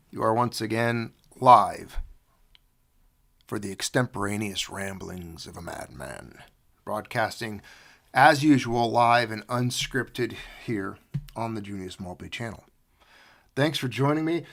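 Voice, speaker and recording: A man's voice: lowish voice, vocal fry, a bit bright. A man hosting an unscripted livestream, rambling sarcastically with frequent restarts. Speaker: livestream host.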